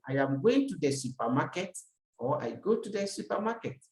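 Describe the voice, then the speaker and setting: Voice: mid-range voice, very animated, moderate pace, darkish tone. A language teacher giving a recorded lesson, repeating each example sentence, translating it and asking the learner rhetorical questions. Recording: roomy echo.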